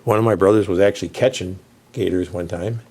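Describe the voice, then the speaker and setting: Low gravelly-voiced male radio host. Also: fairly even intonation, a little fast, darkish tone. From southern United States. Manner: rambling, laughs through his own story. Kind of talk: casual storytelling on a radio show.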